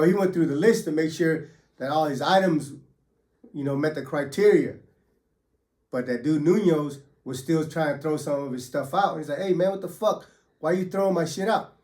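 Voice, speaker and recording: A man's voice: a little high, a little mellow. A man who was once a federal prisoner tells his stories in casual first person, with profane street slang and many fillers.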